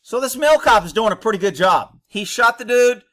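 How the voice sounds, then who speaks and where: Blunt, cynical ex-cop man, bright voice. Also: very high voice, expressive, a little fast. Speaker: former police officer commentator. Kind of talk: commentary over bodycam footage.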